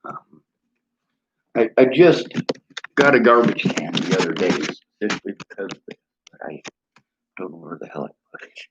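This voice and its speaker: A man's voice: sits low, very animated, normal speed, pauses often, very noisy. A man giving an angry, profane monologue while touring his cluttered small apartment, filming on a handheld phone. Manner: blunt, profane, aggrieved. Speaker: vlogger. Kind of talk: angry monologue and home tour. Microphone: handheld phone camera. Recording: dull lo-fi phone recording.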